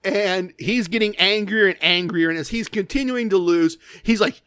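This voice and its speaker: A man hosting a podcast, telling stories in a casual, animated, self-deprecating way. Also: high voice, moderate pace, hardly any pauses, clean tone, dry recording. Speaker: podcast host. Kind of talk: casual storytelling.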